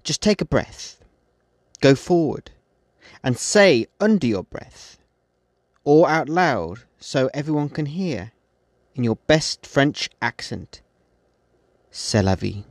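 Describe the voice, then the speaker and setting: Guy reading his poems slow and steady, dry close mic, no room sound at all. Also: fairly high pitch, dry recording. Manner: measured recitation, then halting unscripted outro with many fillers. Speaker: poet and podcast host. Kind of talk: poetry reading.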